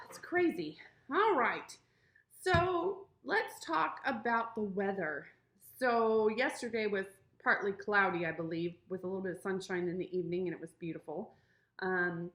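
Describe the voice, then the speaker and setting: A woman's voice: mid-range voice, a bit bright. A woman teaching young children in an online class from home, sing-song and coaxing, a little sniffly from allergies. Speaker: preschool teacher. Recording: roomy echo.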